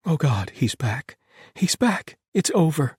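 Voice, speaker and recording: A man's voice: on the low side, expressive, normal speed, a little mellow, slightly rough, no room sound, studio quality, voice pushed up. A man voicing a panicked young male physician dangling over a pit, breathless and frantic.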